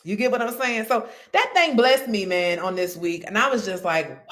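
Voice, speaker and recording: A woman's voice: medium pitch, expressive, moderate pace, hardly any pauses, a bit bright. A woman, chatting candidly to viewers about faith and her eating habits, calling them y'all. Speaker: vlogger. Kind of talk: casual faith-based talk.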